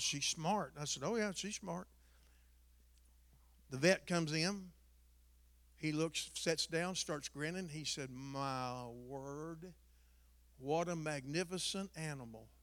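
A man's voice: sits high, fairly bright tone, long reverb tail. A man preaching, telling a folksy story that builds to an emphatic point. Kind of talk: sermon illustration, storytelling.

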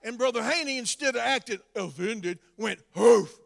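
A man preaching a sermon, moving from folksy storytelling to shouted, drawn-out exhortation. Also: extremely high pitch, creaky. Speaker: former drug addict giving testimony.

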